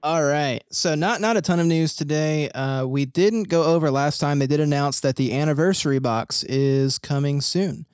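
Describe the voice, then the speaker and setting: A man's voice: on the high side, normal speed, hardly any pauses, clear, resonant tone. A young man, hosting a casual chat and telling stories with lots of laughter. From Philadelphia area, USA. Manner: animated storyteller, laughs often, lots of fillers. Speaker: podcast host.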